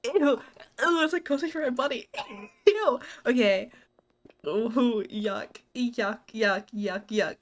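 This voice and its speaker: A woman's voice: fairly high pitch, slow. A woman streamer with an Australian accent, giving live commentary on a horror game in a jumpy, giggly way, squealing and muttering to herself.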